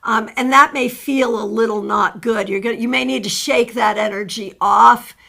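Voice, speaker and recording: A middle-aged woman hosting a live tarot stream, chatting warmly as she greets viewers by name and reads their cards. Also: fairly high pitch, steady tone, normal speed, creaky.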